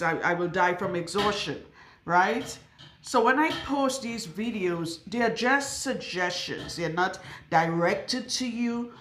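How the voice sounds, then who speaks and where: A woman's voice: fairly low pitch, background noise. A woman loctician talking bluntly and emphatically to camera while working on a client in her salon. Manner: blunt and outspoken; emphatic, with rhetorical questions. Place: her salon room with a radiator. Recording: roomy echo.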